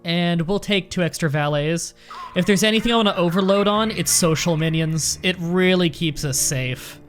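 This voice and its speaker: Let's play host: a man with a slightly high voice, chatty and rambling, thinking out loud during casual commentary. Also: moderate pace, faint music behind.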